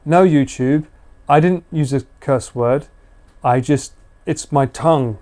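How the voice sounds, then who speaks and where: Here a man from the United Kingdom hangs out with his live stream viewers at his house, full of jokes and laughter. His voice is fairly high and warm, and he speaks slowly.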